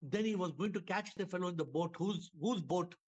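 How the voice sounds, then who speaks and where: A man's voice: high voice, brisk. A man gives a spiritual talk full of parables, repeating his phrases and acting out the voices in his stories. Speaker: spiritual teacher. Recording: dull lo-fi recording.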